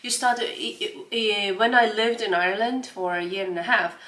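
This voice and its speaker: A woman's voice: medium pitch, brisk, bright, forceful tone. Woman, roomy and distant. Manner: earnest, searching for words with frequent restarts. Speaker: guest. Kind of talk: casual interview chat. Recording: roomy room, distant mic.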